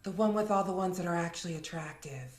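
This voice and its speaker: A woman's voice: on the low side, quick pace, darkish tone, roomy sound. A woman playing a tabletop game, speaking confidently and teasingly in and out of character. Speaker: player. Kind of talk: tabletop role-play.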